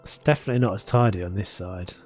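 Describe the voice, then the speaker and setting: Chatty South London man, lowish voice. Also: quick pace, a little mellow, soft background music. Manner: rambling, self-mocking, chatty. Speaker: gaming streamer. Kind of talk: casual gameplay commentary.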